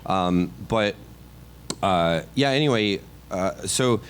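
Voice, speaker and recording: A middle-aged man, a stand-up comedian, telling a story on a podcast in a casual, animated, self-deprecating way full of asides and restarts. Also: low voice, slow, a little hiss or hum. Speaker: comedian guest.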